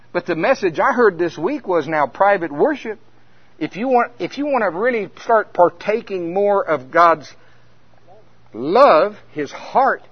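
Male preacher, storyteller who drops quiet then builds loud, muffled lo-fi audio. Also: a little high, slightly rough, no echo. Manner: storytelling, swings from hushed to loud. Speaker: minister. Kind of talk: conference sermon. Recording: dull lo-fi sound.

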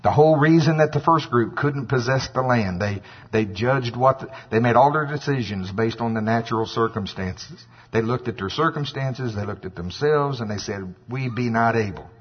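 A man preaching a sermon, animated and acting out scripture voices, with a husky voice. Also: medium pitch, moderate pace. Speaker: pastor. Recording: dull lo-fi with long hall reverb.

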